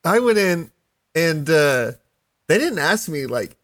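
Young male co-host, deadpan, dry close-miked sound, slightly high pitch. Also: slow pace, dry recording. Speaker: podcast co-host. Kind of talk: casual chat.

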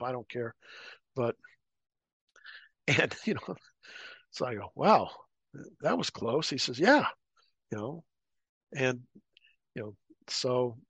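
A middle-aged man spins a casual war anecdote, jumping into higher voices whenever he quotes someone. His voice sits at an ordinary middle pitch, and the mic is close, with a dry, dead sound. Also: dry recording. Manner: animated anecdotes, acting out quoted voices, laughing. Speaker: podcast guest, former paramilitary officer. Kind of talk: casual storytelling interview.

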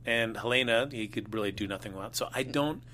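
Bright-voiced man in casual chat. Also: lowish voice, fast talker, a little hiss or hum. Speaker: soap opera podcast co-host.

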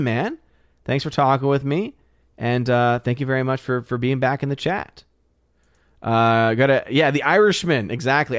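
A man hosts a livestream and chats through viewer comments in a loose, rambling way. He often stumbles and restarts his sentences. His voice sits in a middle pitch, recorded close and dry. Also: dry recording. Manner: rambling, halting restarts, chatty. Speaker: livestream host. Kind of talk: casual chat, reading live comments.

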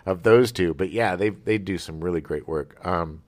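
A man's voice: sits low, moderate pace. A man co-hosting a podcast, chatting casually and cracking jokes about movies and TV. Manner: joking, animated pop-culture banter. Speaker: podcast co-host. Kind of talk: casual chat.

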